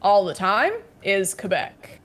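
Rambling woman with a lively voice. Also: mid-range voice. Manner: rambling, halting, many fillers and restarts. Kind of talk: casual chat.

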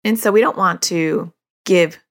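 A middle-aged woman hosting a parenting podcast, speaking in a lowish register with a gravelly fry running through her voice. She talks casually and candidly, sharing her own experience with plenty of fillers. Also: measured pace. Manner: chatty, self-disclosing, with frequent fillers and laughs. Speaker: podcast host and parenting therapist. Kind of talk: casual advice monologue.

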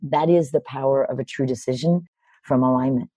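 A woman in her fifties, a personal development teacher, telling a story in conversation with animated, emphatic delivery. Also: a bass voice, a little fast, breathy edge, no room sound. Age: 50s. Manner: animated, emphatic retelling with raised quoted lines.

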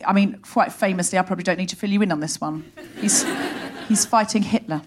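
A woman hosting a comedy podcast, delivering an animated, sardonic stand-up monologue on a live stage into a stage mic. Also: mid-range voice, background noise. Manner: animated, sardonic, rapid comic storytelling. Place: live theatre stage before an audience.

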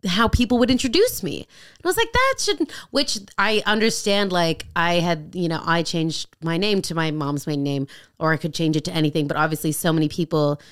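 Woman comic on a podcast, smooth clear voice, animated, does little voices for people in her stories, swears a lot. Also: sits low, brisk, hardly any pauses. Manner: animated storyteller who acts out quoted voices; swears freely. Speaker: guest comedian. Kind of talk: casual comedy podcast chat.

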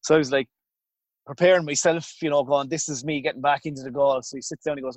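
A man's voice: medium pitch, fast talker, no echo. Irish man telling rambling stories. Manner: rambling anecdotal delivery with many restarts. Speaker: former hurling goalkeeper guest. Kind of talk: casual storytelling interview.

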